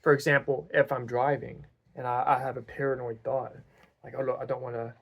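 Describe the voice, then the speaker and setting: Laid-back gravelly man chatting. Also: mid-range voice, level tone, brisk, narrow, tinny audio. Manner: laid-back, slangy, agreeing. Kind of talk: casual chat.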